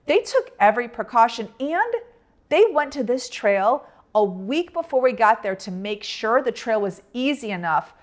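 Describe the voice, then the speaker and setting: A woman's voice: a little high, normal speed. A woman co-hosting a casual podcast, telling a family travel story with lots of quoted back-and-forth. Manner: animated, retells with quoted dialogue. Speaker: podcast co-host.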